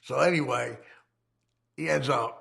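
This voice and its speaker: Gravelly profane man telling a story. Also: mid-range voice, unhurried, fairly bright tone. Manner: profane, rambling, laughs while telling. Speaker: ex-convict telling his story. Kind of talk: casual storytelling.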